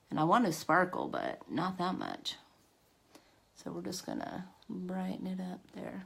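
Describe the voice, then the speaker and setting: A middle-aged woman chats her way through a live makeup tutorial, greeting viewers by name and joking at her own expense. Her voice sits a little low, but her pitch swings widely and lively. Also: moderate pace, vocal fry. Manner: chatty, self-deprecating, talks to viewers by name. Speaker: makeup livestream host.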